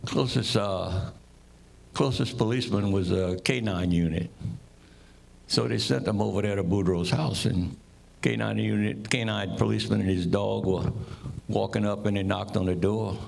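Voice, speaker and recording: A man's voice: on the low side, normal speed, vocal fry, darkish tone. A man telling jokes to an audience, who chuckles at his own punchlines. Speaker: joke teller.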